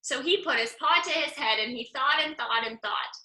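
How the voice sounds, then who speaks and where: Lady reading a kids book out loud, expressive, higher bright voice, echoey room. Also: moderate pace. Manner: expressive, lively storytelling. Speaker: storybook reader. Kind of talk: reading a picture book aloud.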